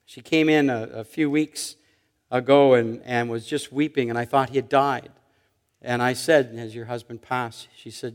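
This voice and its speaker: A man's voice: mid-range voice, fairly even intonation, normal speed. Preaching man in a reverberant hall. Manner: storytelling preacher, swings between loud emphasis and hushed asides. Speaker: pastor. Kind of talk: sermon.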